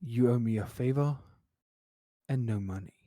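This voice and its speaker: A man's voice: medium pitch, normal speed, dark tone, no room sound, studio quality, lightly acted. A man voicing a blunt, pushy adventurer in a tabletop game, speaking plainly and demandingly in his own everyday voice. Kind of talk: tabletop role-play.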